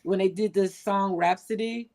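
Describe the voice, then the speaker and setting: A woman chatting casually, playful and quick to chime in. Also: medium pitch, fairly even intonation, dark tone. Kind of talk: casual chat.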